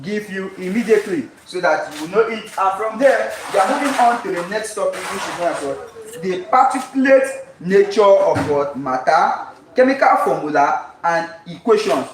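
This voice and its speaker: A high-voiced man teaching chemistry, throwing out "what?" after half a sentence and then filling in the answer himself. He stretches out key terms to drive them home. The voice comes from across an echoey classroom, with noise in the background. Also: expressive, recorded from a distance. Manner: call-and-response teaching, constantly asks "what?" and answers himself; repeats key terms slowly for emphasis. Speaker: chemistry tutor. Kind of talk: live-streamed exam lesson. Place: classroom with whiteboard.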